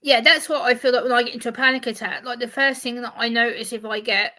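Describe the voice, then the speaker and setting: A woman's voice: a little high, fairly even intonation, quick pace, bright, forceful tone. A woman streamer talking casually and animatedly on a live stream, swearing freely.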